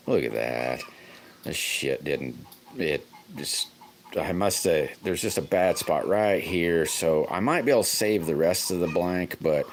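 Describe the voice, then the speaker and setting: Deep, slow-talking man host; livestream chat in his workshop, with a lively, swinging delivery. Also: a little hiss or hum. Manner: greets chat viewers by name, rambling and self-correcting. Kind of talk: casual live-stream chat.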